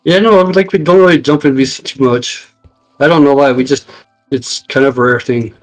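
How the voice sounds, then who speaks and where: A man's voice: mid-range voice, brisk, soft background music, low-quality recording. A man from New Mexico with a Southwestern US accent, chatting loosely over voice chat and laughing easily. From New Mexico, United States. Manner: relaxed, rambling, laughs easily. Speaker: guest on voice chat. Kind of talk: casual chat on voice call.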